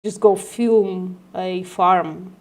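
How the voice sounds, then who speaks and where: A woman hosts a casual livestream and talks slowly with long pauses, her voice sitting on the low side. She stumbles, corrects herself and swears lightly as she works through an argument. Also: fairly even intonation, a little mellow. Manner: halting, self-correcting, swears and laughs at herself. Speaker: livestream host. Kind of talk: casual livestream teaching logic.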